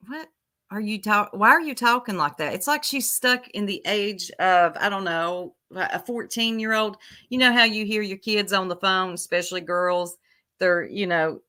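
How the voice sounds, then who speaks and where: A woman's voice: on the low side, pushed and bright. A woman hosting her own livestream, casually chatting and teasing her viewers in a sassy way. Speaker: livestream host.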